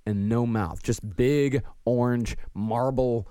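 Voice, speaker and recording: A man co-hosting a casual podcast, reading out details of strange creatures in an even storytelling way. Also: mid-range voice, takes it slowly, clear, resonant tone, no room sound, studio quality. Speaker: podcast co-host. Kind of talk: casual podcast chat, reading cryptid lore.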